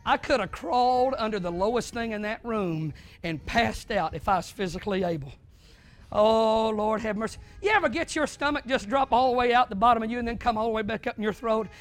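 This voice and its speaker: A male preacher delivering a sermon with dramatic swings from hushed to shouting. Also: extremely high pitch.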